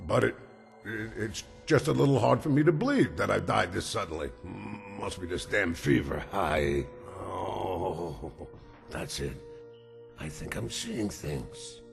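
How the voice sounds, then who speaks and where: A man's voice: medium pitch, lively intonation, a little fast, vocal fry, a little mellow, big-room sound, faint music behind. An actor playing a feverish dying man who pleads, rages and refuses to accept his death, in a dubbed drama. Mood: bewildered. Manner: pleading, then bitter and defiant.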